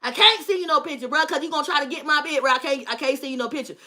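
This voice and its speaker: A woman's voice: sits high, very fast, pushed and bright. A woman voicing a smitten young man who brags to his friend on the phone in heavy slang. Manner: boastful, slangy, drawling.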